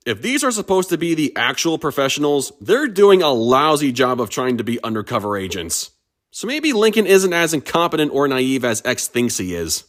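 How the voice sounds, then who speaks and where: A man's voice: medium pitch, big pitch swings, moderate pace, fairly bright tone. A man from the United States hosting a casual cartoon review, joking and self-mocking. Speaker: cartoon critic host.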